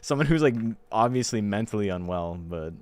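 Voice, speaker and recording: Guy streaming a game tourney, kinda low voice, swears a lot, chill chatty vibe, bit of music under it. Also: animated, normal speed. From Canada. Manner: loose and profane, laughing often. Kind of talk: casual stream commentary.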